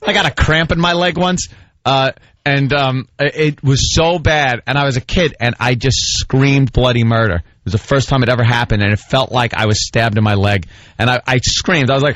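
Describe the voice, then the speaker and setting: A middle-aged man, co-hosting a radio show and telling stories in an animated way, acting out shouted voices. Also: mid-range voice, fairly quick, no echo, muffled recording. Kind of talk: casual storytelling on radio.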